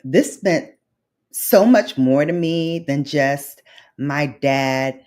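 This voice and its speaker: Speaking extremely slowly, this woman has a low, slightly mellow voice. She's a Brooklyn, New York beauty vlogger in a casual livestream chat, nostalgic and heartfelt, addressing viewers as babes and honey.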